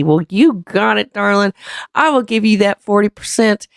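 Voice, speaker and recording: A woman hosting a casual live stream, chatty and quick to laugh while thanking supporters. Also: mid-range voice, gravelly, no echo, studio quality.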